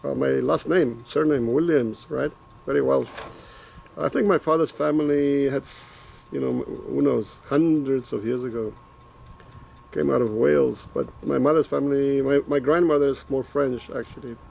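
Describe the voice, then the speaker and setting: A man's voice: mid-range voice, normal speed, vocal fry, a little mellow. A man rambling and joking as he talks to his own camera in a casual vlog, repeating himself as he goes. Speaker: vlogger making predictions.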